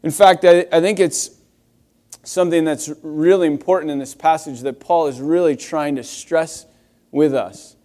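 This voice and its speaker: Young male pastor, slightly high voice, conversational and wry, casual sermon delivery. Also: steady tone, moderate pace, mellow. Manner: conversational, wry storytelling with restarts.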